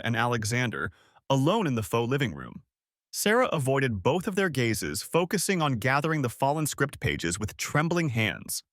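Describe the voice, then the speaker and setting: A male narrator reading a dramatic story, his pitch rising and falling a lot as he builds tension. The voice sits at an ordinary pitch for a man. It sounds dry and close to the mic. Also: fairly bright tone, no echo.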